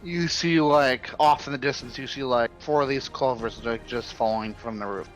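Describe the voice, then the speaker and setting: A man's voice: medium pitch, moderate pace. A man in a mid-range voice narrates as game master for a tabletop role-playing game. He talks in a loose, rambling way, full of filler words. Faint music plays behind him.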